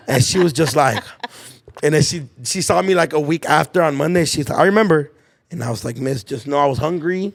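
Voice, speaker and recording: A man's voice: on the high side, brisk, vocal fry. A young man hosting a podcast, telling school stories in casual slang, acting out the people he quotes. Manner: animated storyteller acting out quotes, heavy slang and swearing. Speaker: podcast host. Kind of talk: casual storytelling chat.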